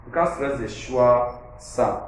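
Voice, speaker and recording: A man's voice: mid-range voice, takes it slowly. A man teaching a lesson, repeating his points and spelling words out letter by letter. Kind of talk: classroom lesson on syllable stress. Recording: very echoey room with faint background noise.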